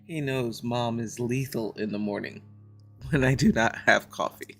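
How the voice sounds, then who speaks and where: A woman's voice: rumbling low, steady tone, moderate pace, long pauses, faint music behind. A woman streaming a game, chatting casually with her viewers, laughing often and telling stories from home.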